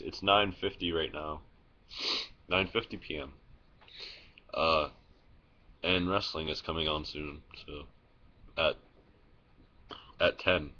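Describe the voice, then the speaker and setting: A man's voice: deep voice, steady tone, a little slow, long pauses, bright, forceful tone, dull audio. A young man vlogging in a casual, rambling way, telling stories full of fillers, restarts and swearing, recorded on a phone. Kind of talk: casual vlog storytelling.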